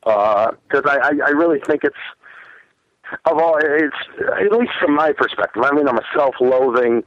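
Cynical rambling dude on the phone, kinda out of breath, muffled line, dry sound. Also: male voice, medium pitch, expressive, normal speed, no room sound. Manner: rambling, self-deprecating, cynical. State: a little winded. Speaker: phone-in guest. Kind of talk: casual crude chat.

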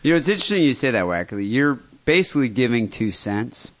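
A man's voice: medium pitch, big pitch swings, fast. A man co-hosting a podcast in casual comedic chat, crude and jokey, laughing often. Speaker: podcast co-host.

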